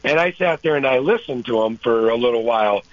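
A man's voice: medium pitch, animated, dry recording. Rambling male caller, dull lo-fi line. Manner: rambling, halting with frequent restarts. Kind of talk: casual storytelling. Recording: dull lo-fi phone-in audio.

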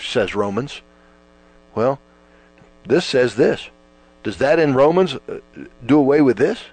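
Preacher, male, animated pitch, stretches words for emphasis, mains hum in the background. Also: slow pace, pauses often, dry recording. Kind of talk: sermon.

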